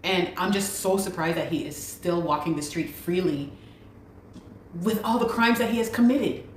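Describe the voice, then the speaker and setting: A woman's voice: on the low side, moderate pace, a little hiss or hum. A woman telling her story as a guest, speaking urgently and repeating her pleas. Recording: echoey room recording.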